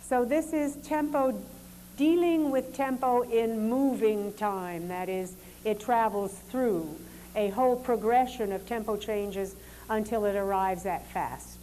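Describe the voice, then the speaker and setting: A woman with a slightly high voice runs a dance demonstration, calmly instructing performers and explaining each exercise. Her tone stays measured and polite. A faint hiss sits under her voice. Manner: calm, instructive, polite commands. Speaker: dance teacher leading a demonstration. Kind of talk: lecture demonstration, giving directions to dancers.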